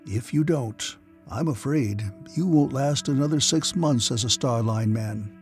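A man voicing a calm alien psychotherapist. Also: fairly high pitch, a little slow, vocal fry, faint music behind, voice pushed up. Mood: sober. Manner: calm, sober, thoughtful.

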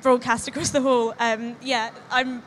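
A woman in her twenties giving a nervous acceptance speech on stage, flustered and halting, her voice shaky and close to tears. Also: fairly high pitch, little pitch movement, a bit bright, a little hiss or hum. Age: 20s. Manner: flustered, halting, full of ums. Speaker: award winner. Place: large exhibition hall stage.

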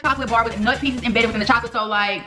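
Squeaky high young woman vlogger, bouncy n bright, echoey room, joking around. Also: steady tone, rapid-fire. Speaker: YouTube vlogger. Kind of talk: casual snack taste-test chat.

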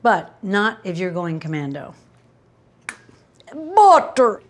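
A woman's voice: medium pitch, measured pace, a little hiss or hum. Chatty woman host, home kitchen demo, wry asides, mid-range voice. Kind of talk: casual cooking demonstration.

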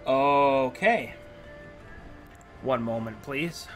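A man acting as dungeon master in a tabletop game, giving casual, quick rulings and laughing with his players. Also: mid-range voice, faint music behind. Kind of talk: running a tabletop game online.

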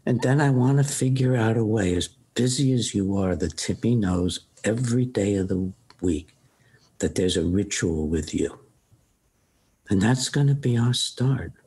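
A man's voice: on the low side, measured pace, darkish tone, breathy edge. An older man, a psychiatrist, frankly telling stories about cases he has seen. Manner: retells cases, quoting patients in his own voice; frank, opinionated. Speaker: psychiatrist guest. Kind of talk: anecdotal storytelling.

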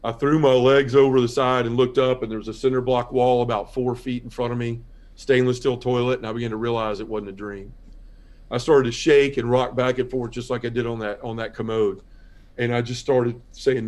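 A man giving a heartfelt personal testimony as a guest on a podcast, telling his story in an earnest, quiet way. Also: mid-range voice, fairly even intonation, fairly quick.

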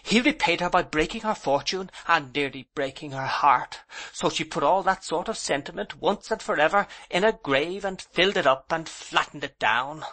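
A man's voice: fairly high pitch, normal speed, few pauses, bright, forceful tone, voice pushed up. A man reading an audiobook, voicing a proud older aunt who is indignant and emotional. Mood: rueful. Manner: emotional, reproachful, then composed and rueful. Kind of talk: audiobook character voice.

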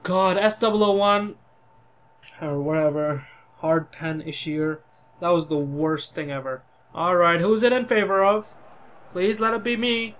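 A man giving excitable gameplay commentary, crying out in panic and cursing at the game. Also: high voice, unhurried. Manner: jumpy, cries out in panic, curses at the game. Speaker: let's play commentator.

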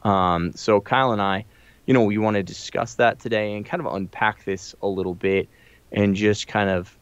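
A man's voice: on the low side, steady tone, normal speed, smooth, no room sound. A man hosting a podcast, talking through church news in a loose, rambling way with plenty of ums. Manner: rambling, many ums and restarts. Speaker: podcast host. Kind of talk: casual commentary chat. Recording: dry, slightly muffled audio.

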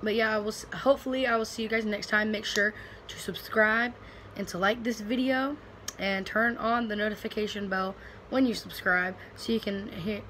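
A woman's voice: medium pitch, steady tone, moderate pace, bright, forceful tone, slight background noise, low-quality recording. Chatty young woman. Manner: rambling, chatty, lots of fillers and restarts. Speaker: vlogger. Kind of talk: casual vlog chat. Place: at home, indoors.

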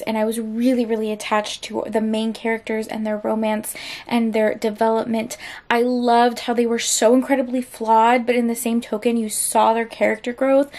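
A woman's voice: a little high, darkish tone. A young woman chatting casually in a reading vlog, gushing about books and filling her talk with "like", recorded in a parked car. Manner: gushing, chatty, heavy use of "like". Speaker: book vlogger.

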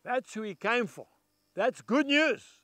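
A man's voice: extremely high pitch, expressive, takes it slowly, pushed and bright, dry recording. A man preaching a televised sermon in an emphatic, folksy manner, repeating key phrases and speaking straight to the viewers. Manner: addresses viewers directly with asides.

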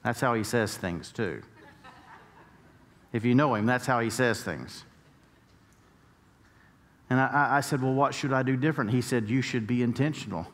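A male pastor from the United States, medium-pitched and a bit bright, preaches at a moderate pace with frequent pauses. He tells stories and builds to emphatic peaks, recorded with long reverb in a church sanctuary.

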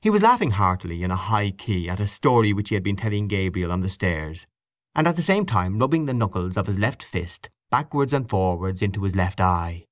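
A male audiobook narrator with a low voice that moves a great deal in pitch. The reading is expressive and lively, recorded dry and close to the mic. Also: a little fast, no echo. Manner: expressive reading, voicing characters. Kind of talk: scripted narration.

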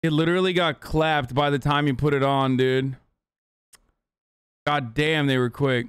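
A man in his thirties reacting live on stream, his voice smooth and fairly high for a man. He mocks and swears casually in a loose, joking way. The sound is dry and close, with no room around it. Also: steady tone, measured pace, dry recording. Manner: mocking, profane, loose and joking.

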